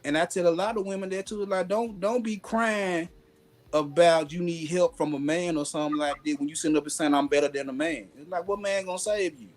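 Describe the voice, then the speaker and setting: A man holds forth as host, animated and full of slang. His voice sits somewhat high for a man. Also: fast, hardly any pauses. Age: adult with a daughter. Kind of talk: casual chat.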